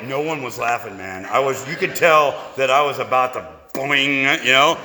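A man's voice: mid-range voice, expressive, a little fast, hardly any pauses, pushed and bright, slight background noise. A man sharing his story at a recovery meeting, telling it as a punchy, profane comic tale to a live audience. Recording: echoey hall reverb.

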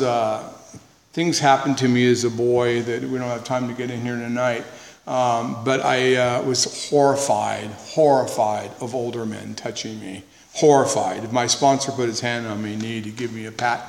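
A man speaking at a recovery meeting, giving an earnest, conversational personal testimony, repeating words for emphasis, with wry humor. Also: mid-range voice. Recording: echoey hall with faint noise.

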